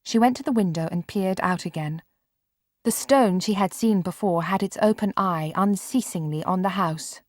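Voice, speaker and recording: A woman reading a children's novel aloud in measured storytelling narration. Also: on the low side, a little mellow, no room sound. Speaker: audiobook narrator. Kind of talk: scripted narration.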